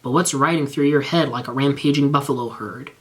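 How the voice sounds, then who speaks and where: A man's voice: medium pitch, a little fast, fairly bright tone, natural voice. A man voicing a smug, flirtatious male cat with a gun, speaking in an offhand bragging way.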